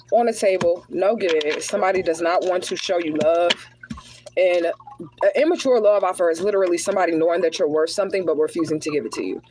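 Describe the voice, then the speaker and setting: Woman, spiritual card reader, relaxed streaming chat, direct address to viewers. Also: lowish voice, a little hiss or hum, rough recording. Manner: casual, chatty, talks straight to viewers as y'all; drops into prayerful invocation. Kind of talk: livestreamed tarot reading.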